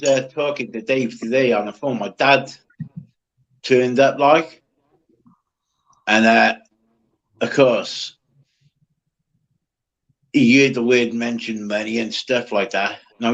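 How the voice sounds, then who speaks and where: A man of middle pitch calling in over a dull, muffled line. He stumbles and restarts, swears casually and trails off with "like" as he tells his story. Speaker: caller on a livestream. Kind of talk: casual chat.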